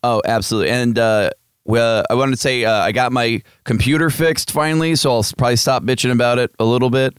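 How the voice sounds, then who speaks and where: A man's voice: mid-range voice, fairly even intonation, fast talker, clear, resonant tone, no room sound, studio quality. A man co-hosting a podcast in casual chat, joking loosely and swearing as he banters. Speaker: podcast co-host.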